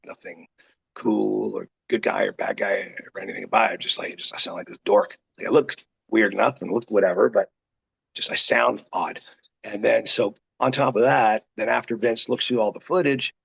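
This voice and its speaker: A man with a raspy, deep voice, a guest wrestler telling rambling stories in a casual interview. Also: fairly quick, lo-fi sound. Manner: rambling, animated, full of quoted asides.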